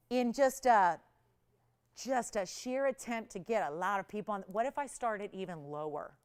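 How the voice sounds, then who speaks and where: A woman hosting a live TV jewelry shopping show, chatty and animated, laughing often and counting prices down. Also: a little high. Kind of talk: live TV sales pitch. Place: TV shopping studio.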